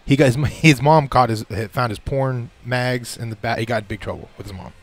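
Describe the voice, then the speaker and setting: A man's voice: mid-range voice, fairly quick. A man, a radio guest telling a story in casual chat and laughing along. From Texas.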